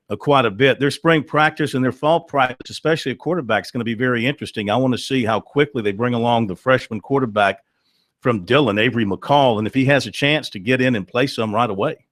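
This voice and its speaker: A man's voice: medium pitch, a bit bright, dry recording, studio quality. A man hosting a call-in sports radio show, chatting in a folksy, storytelling way with plenty of fillers. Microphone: studio microphone.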